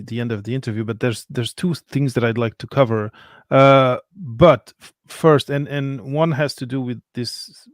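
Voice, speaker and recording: A man's voice: medium pitch, no echo. Hesitant male podcast host, dry sound. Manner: measured, hesitant with "uh" pauses. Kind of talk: interview hosting.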